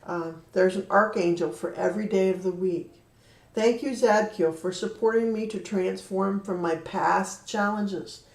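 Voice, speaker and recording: A woman giving a spiritual card reading, talking in an earnest, gently encouraging way. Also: medium pitch, a little slow. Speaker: card reader. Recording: roomy echo, voice from a distance.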